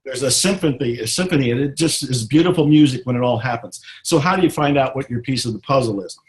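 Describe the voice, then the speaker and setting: A middle-aged man from Texas, a guest author in an interview, talking earnestly and reflectively and slowing down to stress his points. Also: mid-range voice. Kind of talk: interview, motivational talk.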